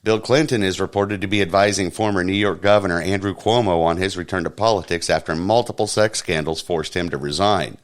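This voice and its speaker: A man hosting a podcast, reading a satirical news roundup in a deadpan newsreader manner. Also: low voice, fairly quick, few pauses. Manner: deadpan mock newsreader, puts on silly voices for quotes. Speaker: podcast host.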